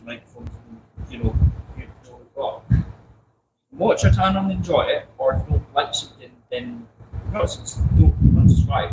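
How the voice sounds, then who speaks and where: A man's voice: a little high, gravelly, echoey room. A man co-hosting a casual live vlog outdoors at a bus station, speaking in a loose, rambling way. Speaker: co-host. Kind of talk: casual live-stream chat. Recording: busy crowd noise behind.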